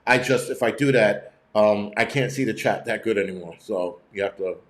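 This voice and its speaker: A man's voice: fairly low pitch, moderate pace, echoey room. A man hosting his own channel, telling stories in a profane, rambling way full of restarts and fillers. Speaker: channel host. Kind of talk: casual live-stream rant.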